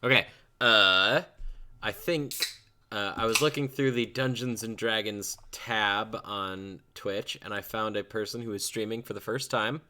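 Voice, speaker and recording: A man's voice: fairly low pitch, a little slow. A man playing in a streamed tabletop game, chatting casually and jokily with the group. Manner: lively, jokey. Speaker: player. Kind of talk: casual chat.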